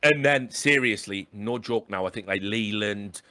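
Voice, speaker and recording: A man's voice: lowish voice, normal speed, pushed and bright, no echo. A man co-hosting a podcast, animatedly retelling a TV episode with frequent laughs. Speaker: podcast co-host. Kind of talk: casual podcast storytelling.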